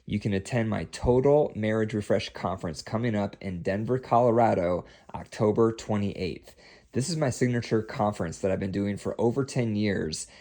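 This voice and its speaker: A man's voice: on the low side, darkish tone. A man reading a promotional spot for his own event, persuasive and built on rhetorical questions. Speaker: host promoting his conference.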